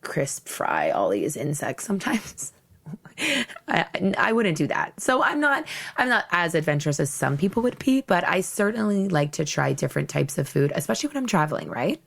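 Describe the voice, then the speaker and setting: A woman's voice: low voice, very animated, normal speed, creaky, fairly bright tone. A young woman hosting a podcast, telling a personal travel story in a blunt, theatrical, candid way with frequent laughs. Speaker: podcast host.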